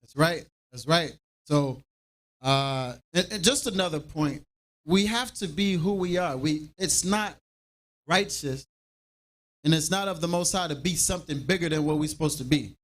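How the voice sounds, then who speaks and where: Man, high voice, scripture class teacher, animated, acts out dialogue. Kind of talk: preaching bible class.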